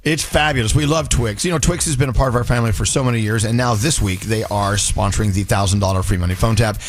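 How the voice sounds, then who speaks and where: A man's voice: fairly low pitch, quick pace, faint music behind. Playful man reading a radio ad. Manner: playful, joking. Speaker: radio show host. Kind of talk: casual chat and live ad read.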